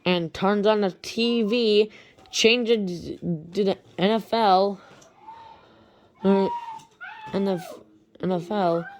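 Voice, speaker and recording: Halting, slow-talking woman storyteller. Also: mid-range voice, steady tone, darkish tone, slight background noise. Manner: hesitant, halting, many restarts. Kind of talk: rambling horror story retelling.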